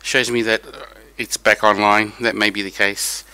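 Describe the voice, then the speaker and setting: A man's voice: on the low side, little pitch movement, normal speed, bright, forceful tone, smooth, rough recording. A tired young man chatting casually to viewers on a live stream, rambling about his race. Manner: rambling, talks to chat viewers. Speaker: sim racing streamer.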